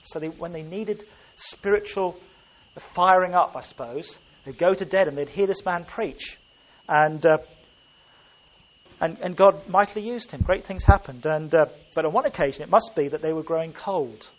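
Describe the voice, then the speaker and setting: A man's voice: fairly high pitch, normal speed, highs cut off. A man preaching a sermon, earnest and emphatic, often restarting his phrases.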